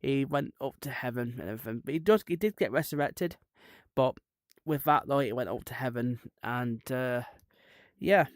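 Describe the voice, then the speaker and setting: A man's voice: mid-range voice, normal speed, no room sound, studio quality. A man, a streamer rambling irreverently in casual chat and laughing at his own jokes.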